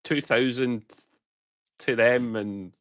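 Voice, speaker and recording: A man's voice: mid-range voice, slow, a bit bright, no room sound, clean studio sound. A man co-hosting a podcast, teasing his co-host and laughing a lot in casual chat.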